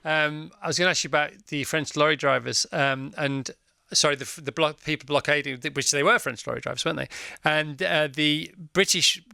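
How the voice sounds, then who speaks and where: Gravelly, bright-voiced male radio host. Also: fairly high pitch, steady tone, a little fast, dry recording, studio quality. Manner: chatty, laughs easily, uses many fillers. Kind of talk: casual chat.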